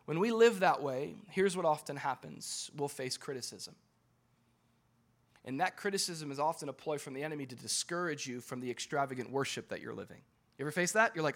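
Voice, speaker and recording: A man preaching an impassioned sermon as pastor, swinging between loud urging and low intimate tones and often repeating his words. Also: lively intonation, a little fast.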